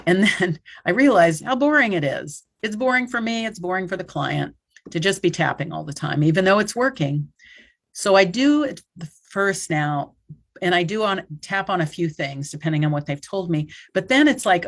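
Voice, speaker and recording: A woman's voice: on the low side, moderate pace. A woman in her sixties, a hypnotherapist, teaching a technique over a video call in a chatty way and acting out what her clients say. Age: 60s. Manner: chatty, acts out client quotes with gestures. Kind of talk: conversational online workshop teaching.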